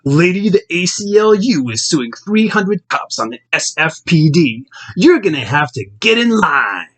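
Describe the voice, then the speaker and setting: A man's voice: high-pitched, big pitch swings, a little slow, a bit bright, pitched above the performer's own voice, full character voice. A man voicing a menacing, bullying male cop who talks aggressively and threateningly. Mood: sneering.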